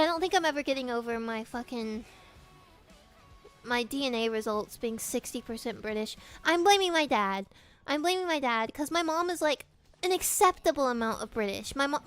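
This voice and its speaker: A woman's voice: sits high, fairly bright tone. A young woman streamer chatting casually with her viewers, giggling often, swearing freely and reading their questions aloud. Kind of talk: casual live-stream chat.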